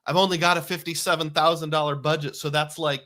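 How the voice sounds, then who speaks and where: A man's voice: a little high, level tone, quick pace, bright, forceful tone. A man in his forties hosting a casual live stream, chatting, reading viewer comments aloud and laughing often. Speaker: livestream host.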